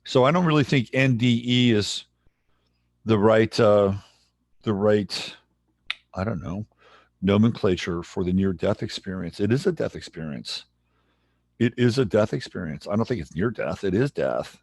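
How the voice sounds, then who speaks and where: A man's voice: on the low side, normal speed, no echo. Rambling man hosting a livestream. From San Jose, California, USA. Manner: relaxed, rambling, greets viewers. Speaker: livestream host. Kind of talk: casual livestream chat.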